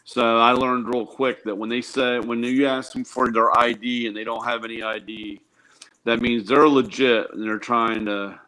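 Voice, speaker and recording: A man's voice: medium pitch, flat delivery, normal speed, sharp tone, clear, resonant tone, rough recording. A man, a tool truck dealer, chatting casually as a guest and telling wry, joking stories. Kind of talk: casual chat on a live show.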